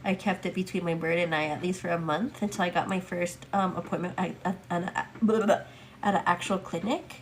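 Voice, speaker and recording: A young woman hosting a morning livestream, telling a personal story in casual chat, full of "like" and "girl", acting out quotes in a higher voice. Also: normal speed, slight background noise. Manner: chatty, many fillers, acts out quotes with high excited pitch. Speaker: livestream host.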